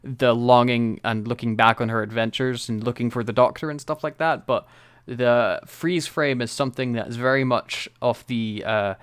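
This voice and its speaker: A man co-hosting a podcast in casual chat, animated, laughing often and acting out quotes. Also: medium pitch, normal speed, smooth. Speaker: podcast co-host.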